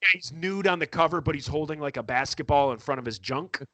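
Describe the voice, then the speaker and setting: Bright-voiced man telling a story. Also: on the high side, fast, dry recording. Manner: animated, acts out quotes with laughter. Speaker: podcast guest storyteller. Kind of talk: casual storytelling.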